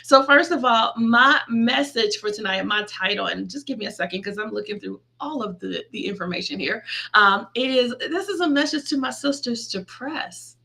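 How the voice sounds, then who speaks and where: Bright, gravelly-voiced woman pastor. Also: fairly high pitch, lively intonation, normal speed. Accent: Midwestern American. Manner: intimate, testimony-style, prays aloud. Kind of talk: online sermon, girl talk. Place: seated at her desk.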